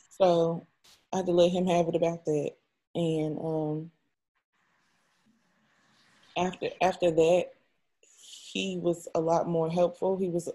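A woman's voice: fairly low pitch, warm tone, husky. A young adult woman, an interview guest, telling a personal story in a raw, emotional and frank way, often swearing.

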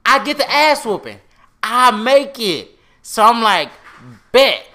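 A man's voice: extremely high pitch, big pitch swings, measured pace, bright, forceful tone. A young man in a casual chat, chiming in and telling a story with lots of laughter.

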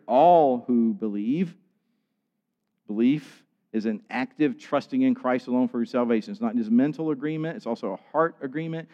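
A man preaching a sermon in an earnest way, building to emphatic peaks. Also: mid-range voice. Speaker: pastor. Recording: dull sound with long hall reverb.

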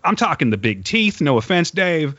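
Animated, swearing man telling a story. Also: fairly high pitch, normal speed, no room sound. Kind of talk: casual conversational storytelling. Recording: dull, lo-fi recording.

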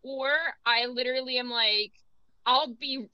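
A woman's voice: a little high, fairly even intonation, moderate pace, sharp tone, smooth, no room sound, highs cut off. A young woman co-hosting a college radio show, chatting casually with lots of "like" fillers. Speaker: radio co-host.

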